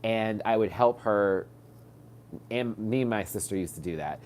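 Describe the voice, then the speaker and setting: Over a faint hiss or hum, a man with a low, slightly mellow voice talks at a moderate pace. He hosts a live stream via a webcam or phone mic, sounding congested from crying as he tells meandering personal stories, full of fillers and restarts.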